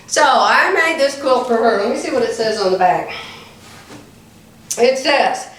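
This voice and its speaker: A woman's voice: fairly high pitch, slow pace. Chatty woman in her seventies, echoey room. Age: 70s. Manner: animated anecdotal storyteller, laughs often. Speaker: quilting vlogger. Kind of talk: casual chatty storytelling to viewers. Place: indoors at home by the front door. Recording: very echoey room, distant mic, faint hiss.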